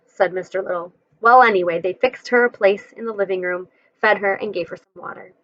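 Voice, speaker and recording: A woman's voice: mid-range voice, a little fast, a bit bright, no room sound, muffled recording. A woman reading a children's chapter book aloud, adding friendly explanations between passages.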